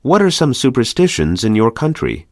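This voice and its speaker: A man reading English practice questions one by one for a language course, measured and clear. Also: mid-range voice, very animated, no echo, studio quality.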